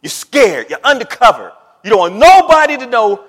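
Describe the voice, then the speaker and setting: A man's voice: sits high, huge pitch swings, moderate pace, hardly any pauses, fairly bright tone, long reverb tail. A man preaching a sermon in a conversational way, calling out to the congregation. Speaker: pastor.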